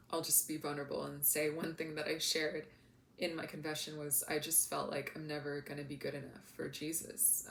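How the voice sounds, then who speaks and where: A woman with a low, gravelly voice shares earnest reflections in a casual vlog, searching for words with plenty of "like" fillers. Her voice carries a roomy echo and a faint hiss of background noise. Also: a bit bright. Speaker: spiritual energy coach. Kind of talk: casual heartfelt vlog talk. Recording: echoey room with faint noise.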